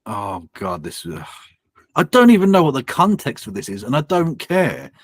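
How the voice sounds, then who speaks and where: A man's voice: medium pitch, huge pitch swings, normal speed, breathy edge, dry recording, studio quality. A man co-hosting a casual livestream and reacting to clips, sweary and sardonic. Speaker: streamer reacting to a video.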